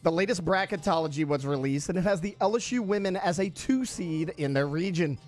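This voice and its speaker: Brief: higher-voiced male radio co-host, brisk segment reader, faint music behind. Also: animated, a little mellow. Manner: reads out items as quick prompts, dry and brief. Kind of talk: casual sports talk radio.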